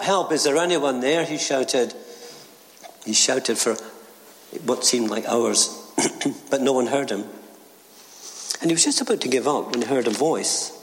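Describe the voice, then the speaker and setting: A man's voice: medium pitch, a little hiss or hum. An older man, a retired minister telling a story and giving a short sermon. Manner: gentle storytelling, acts out voices in quotes. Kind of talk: short sermon with a told joke. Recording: reverberant church hall.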